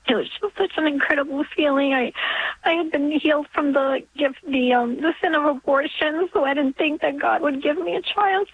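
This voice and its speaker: A woman in her forties phones in to a radio show. Her high voice comes over a tinny phone line, and she speaks emotionally and haltingly, close to tears. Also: a little hiss or hum. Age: 40s. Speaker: caller. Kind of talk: call-in radio talk.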